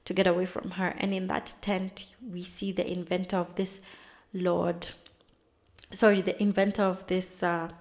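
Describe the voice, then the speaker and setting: A woman chatting casually as she recaps a TV episode, retelling scenes with quick dramatized asides. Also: fairly low pitch, level tone, a little mellow. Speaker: TV recap vlogger.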